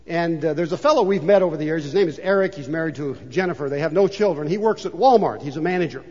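An older man preaching a sermon as a pastor, swinging between loud emphasis and hushed asides. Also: a little high, quick pace, slightly rough. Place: church sanctuary. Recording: dull reverberant church recording.

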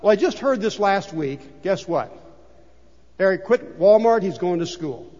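An older man preaching a sermon as a pastor, swinging between loud emphasis and hushed asides. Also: high-pitched, expressive, unhurried. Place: church sanctuary. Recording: dull reverberant church recording.

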